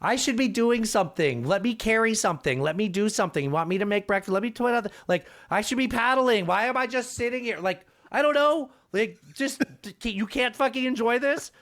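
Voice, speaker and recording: A man's voice: expressive, a little fast, few pauses, fairly bright tone. A man putting on a voice as his restless older mother who frets and nags to keep busy. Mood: fretting. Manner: high, fretting, nagging. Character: fussy restless older mother who can't sit still.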